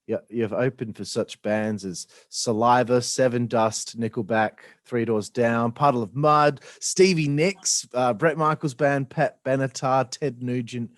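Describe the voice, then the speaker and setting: A man hosting a podcast interview, laid-back and quick to react. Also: mid-range voice, steady tone, no room sound, clean studio sound. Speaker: podcast host. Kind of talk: casual interview.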